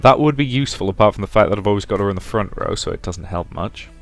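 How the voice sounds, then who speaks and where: Relaxed man commenting on a game. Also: fairly low pitch, quick pace, gravelly, faint music behind. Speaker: let's play gamer. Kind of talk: reading and voicing a visual novel game.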